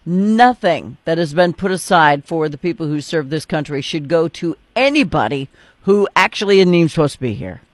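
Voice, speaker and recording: A man's voice: a little high, expressive, moderate pace, no room sound. A man hosting a political talk show, casual and opinionated, joking with his guest.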